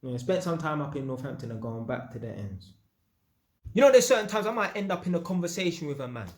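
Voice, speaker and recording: A man's voice: fairly high pitch, fast talker, echoey room. A young man from North London with a London accent, telling stories casually to camera in slangy street talk. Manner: slangy, animated, acts out voices in quotes. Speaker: vlogger.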